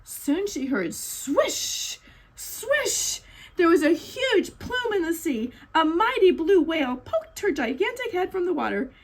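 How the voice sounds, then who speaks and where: Expressive woman reading a picture book. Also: very high voice, takes it slowly. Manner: expressive, chatty asides to children. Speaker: bookstore storytime reader. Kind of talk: children's picture-book read-aloud. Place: bookstore.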